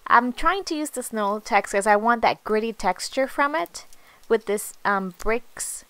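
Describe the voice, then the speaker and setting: A woman's voice: a little high, lively intonation, a little slow, a bit bright, clean tone, no echo, rough recording. A woman hosting a crafting tutorial, talking through each step in an easygoing voice-over with frequent ums.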